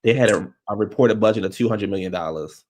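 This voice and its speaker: Low-voiced man rambling on a livestream. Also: quick pace, a little mellow, slight background noise. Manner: rambling and loose, full of "like" and restarts. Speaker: livestream host. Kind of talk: casual livestream chat. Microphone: streaming microphone.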